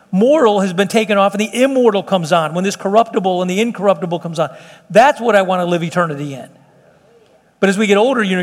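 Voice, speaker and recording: A middle-aged pastor with a high-sitting voice preaches in a church meeting room, earnest and conversational, frequently restarting his sentences. A long reverb tail follows his words.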